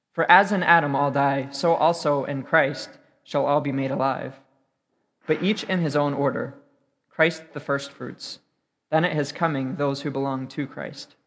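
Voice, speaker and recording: Young man, pastor, preaching a sermon, earnest storyteller, fairly high voice, long hall reverb. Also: a bit bright.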